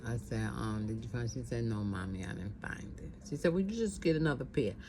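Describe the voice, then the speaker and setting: A middle-aged woman tells a personal story in a casual, conversational way, repeating phrases and acting out what people said. Her voice is extremely low and warm, with lively intonation and a slightly fast pace. The low-quality recording has a little hiss or hum.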